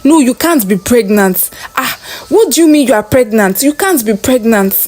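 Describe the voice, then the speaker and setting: A woman's voice: on the high side, expressive, moderate pace, a little mellow. A woman voicing a rich young male boss, cold and dismissive, in her own voice. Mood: stammering.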